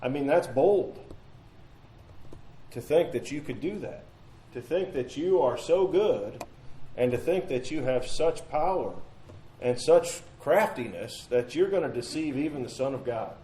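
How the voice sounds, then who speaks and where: Mellow-voiced man teaching a Bible study. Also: medium pitch, expressive, a little slow, reverberant, slight background noise, rough recording. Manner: earnest, repeats phrases, asks rhetorical questions. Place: church meeting room.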